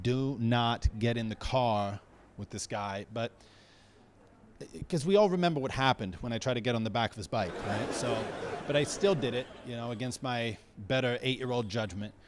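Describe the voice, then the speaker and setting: A man doing stand-up comedy, telling a personal story with animated, shouted bursts. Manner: animated, jumps to loud high shouts when quoting.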